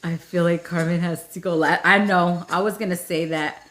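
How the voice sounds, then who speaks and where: Woman, low-pitched voice, emotional, laughs a lot, casual swearing, live-stream host. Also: steady tone, normal speed, a bit bright. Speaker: spiritual healer hosting a live session.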